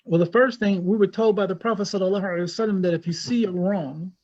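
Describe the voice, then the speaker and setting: High-voiced and quick, this American Islamic scholar speaks as an interview guest in an intense, plainspoken way, circling back to repeat himself for emphasis. His tone is darkish and the audio lo-fi.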